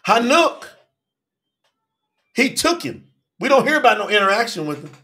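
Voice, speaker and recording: High, bright-voiced preacher man. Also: big pitch swings, normal speed. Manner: emphatic, questions the congregation directly, colloquial. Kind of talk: sermon.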